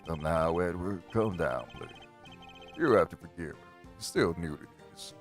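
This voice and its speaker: A man voicing a gruff cowboy-style defense attorney with a gravelly, low drawl and measured delivery. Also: fairly even intonation, soft background music. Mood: steady.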